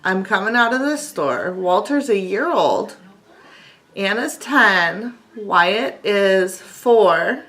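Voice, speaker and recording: A woman in her thirties with a mid-range, slightly bright voice speaks slowly and in an animated way. As a channel host giving a casual devotional talk, she earnestly shares a personal story and reads scripture aloud.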